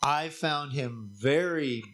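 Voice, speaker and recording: A man co-hosting a casual podcast chat in an easygoing way, quick to laugh. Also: a little high, a bit bright. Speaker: podcast co-host.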